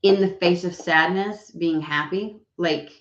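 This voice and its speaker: In an echoey room with roomy, dull lo-fi audio, a woman chats casually while reading tarot cards. Her lower-pitched voice is unhurried and still recovering, and she sniffles, rambles, swears, and leans on lots of fillers.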